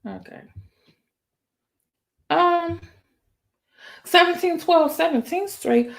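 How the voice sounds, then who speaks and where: A woman doing casual live-stream commentary, excitable and talking straight to her viewers. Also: unhurried, pauses often. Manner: excitable, exclaiming to viewers, voice jumps higher when excited. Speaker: YouTube commentator.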